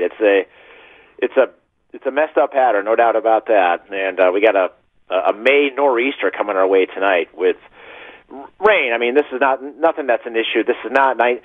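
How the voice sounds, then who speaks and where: A man's voice: medium pitch, no room sound. Male meteorologist phoning in; tinny, dry phone sound, chatty and rambling. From western Massachusetts. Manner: chatty, self-deprecating, stumbling over words. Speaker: TV meteorologist calling in. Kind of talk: casual phone-in chat.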